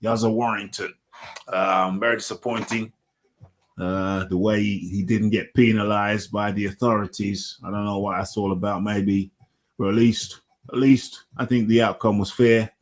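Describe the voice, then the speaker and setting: A man's voice: on the low side, level tone, normal speed. A middle-aged man, hosting a casual solo fight recap and rambling, repeating himself and chuckling. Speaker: host of a combat sports radio show.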